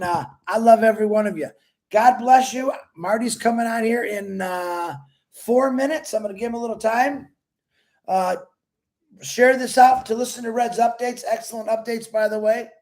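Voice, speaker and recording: A man with a strikingly high voice hosts a casual livestream. He talks in an emotional, effusive way and greets his viewers one by one by name. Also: steady tone, moderate pace, darkish tone. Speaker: livestream host.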